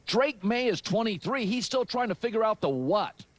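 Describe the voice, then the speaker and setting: A man giving sports commentary in a played clip, arguing his point in a measured way with analogies. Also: high-pitched, lively intonation, no room sound. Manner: measured, argumentative, uses analogies. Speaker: sports analyst.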